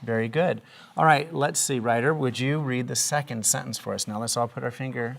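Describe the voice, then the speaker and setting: A middle-aged woman teaching a reading lesson to young children, patient and encouraging, asking one gentle question after another. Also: very deep voice, a little fast, creaky, slight background noise.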